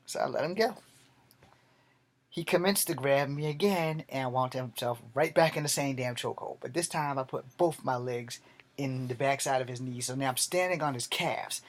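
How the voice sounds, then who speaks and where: A man recounting a street fight with heavy swearing and hard emphasis. His voice is husky, and he drives each point home with intensity. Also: on the high side. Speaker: martial artist telling a story. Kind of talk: profane fight storytelling.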